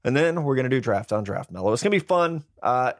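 A man in his thirties hosts a sports podcast in an upbeat, joking way, full of quick asides. His voice sits at a middle pitch. It is close-miked in a dry studio with no room sound. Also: lively intonation, dry recording. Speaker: podcast host. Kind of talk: casual sports podcast chat.

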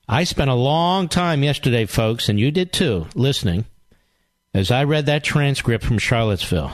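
A man's voice: medium pitch, expressive, moderate pace, no echo. A man hosting a political talk show, delivering a combative, sarcastic monologue full of rhetorical questions and repetition.

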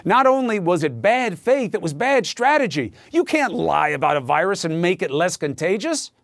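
Male news host, opinion monologue, emphatic and sarcastic, lively pitch. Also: moderate pace, vocal fry, no echo, studio quality.

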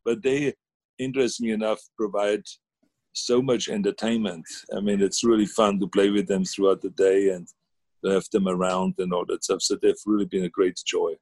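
A man's voice: fairly low pitch, level tone, moderate pace, a little mellow, no echo. A man, chatting casually as a guest on a video call, rambling with many fillers and restarts. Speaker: guest, former governor.

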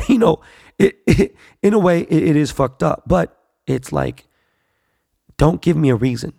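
Man, casual host monologue, heavy fry, blunt street slang, profane and emphatic. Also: fairly high pitch, lively intonation, a little slow, warm tone, no room sound, studio quality. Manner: emphatic, repeats himself for weight.

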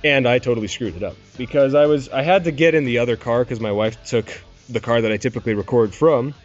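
A man's voice: mid-range voice, fast talker, faint music behind. Rambling male podcast host, lo-fi. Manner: rambling, self-deprecating, laughs often. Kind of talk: casual gaming podcast chat. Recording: dull lo-fi podcast audio.

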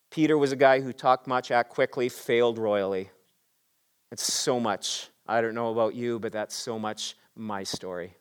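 A male pastor preaching a sermon to his congregation, swinging between excited, raised passages and hushed, quiet emphasis, with frequent rhetorical questions. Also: medium pitch, clear, resonant tone. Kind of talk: Easter sermon.

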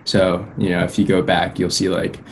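A man's voice: deep voice, little pitch movement, moderate pace, slight background noise, rough recording. A young man, a guest musician, talking casually and easygoingly in an interview, laughing often. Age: young adult.

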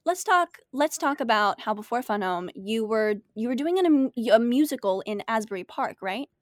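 A woman's voice: a little high, lively intonation, moderate pace, no room sound, clean studio sound. A woman co-hosting a podcast, eager in tone and steering the conversation to the next topic. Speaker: podcast co-host. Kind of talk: casual chat.

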